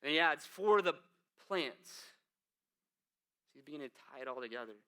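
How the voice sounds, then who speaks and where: A male pastor with a bright, forceful edge and a smooth, crisp voice. He preaches casually, tossing in asides to the congregation. His delivery moves between hushed, low passages and emphatic peaks. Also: expressive, normal speed. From United States. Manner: conversational preaching with asides, "man" and "right?". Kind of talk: sermon.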